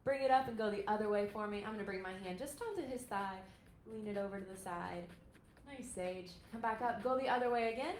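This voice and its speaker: A woman's voice: mid-range voice, fairly quick. An upbeat woman leads a stretch class for parents and kids, calling out cues in a mid-range voice. She sounds like she is in an echoey indoor room, with a faint hum of noise behind her. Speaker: yoga instructor.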